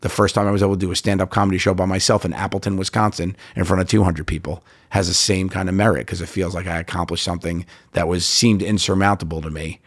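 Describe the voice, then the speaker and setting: A middle-aged comedian guest in a casual podcast interview, animated and storytelling, quoting himself and others. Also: male voice, low-pitched, fast, few pauses, no echo. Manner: animated storyteller, quotes himself and others, frequent "like" and "you know".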